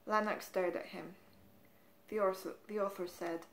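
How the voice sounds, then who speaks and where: A woman's voice: medium pitch, steady tone, normal speed, fairly bright tone. Woman reading a novel aloud. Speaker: reader.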